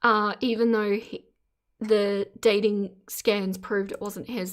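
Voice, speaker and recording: Woman streamer, casual commentary, earnest, sympathetic exclamations, mid pitch. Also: level tone, takes it slowly. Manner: earnest, exclaims in sympathy while reading chat. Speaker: live streamer reading chat. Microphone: phone camera.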